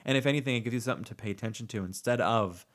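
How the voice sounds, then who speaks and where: A man's voice: mid-range voice, racing. Chatty man hosting a podcast. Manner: chatty, rambling with fillers. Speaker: podcast host. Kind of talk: casual chat.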